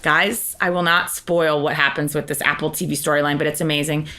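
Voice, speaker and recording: A woman with a fairly low voice talks through gossipy stories as a podcast co-host. Her chat is loose and casual, full of "like" and asides. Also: flat delivery, brisk, pushed and bright.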